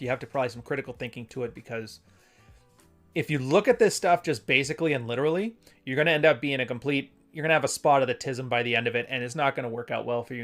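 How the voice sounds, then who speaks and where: A man's voice: medium pitch, fairly bright tone. Casual rambling male stream host. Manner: rambling, conversational, self-correcting. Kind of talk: casual live-stream commentary and reading.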